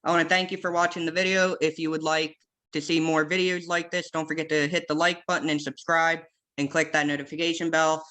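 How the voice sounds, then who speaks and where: An upbeat man runs an interview show and wraps it with a direct sign-off. His voice is bright and forceful, pitched slightly high. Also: little pitch movement, a little fast. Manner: upbeat, direct host patter. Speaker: interview host. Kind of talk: interview and channel outro.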